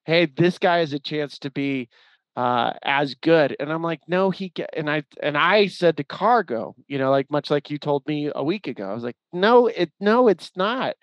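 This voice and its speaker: A man with a fairly high voice co-hosts a casual sports podcast. He tells stories with energy, playing out both sides of each exchange. The sound is dry and a little muffled. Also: moderate pace, no room sound. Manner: animated storyteller, acts out quoted exchanges. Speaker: podcast co-host. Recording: dry, slightly muffled audio.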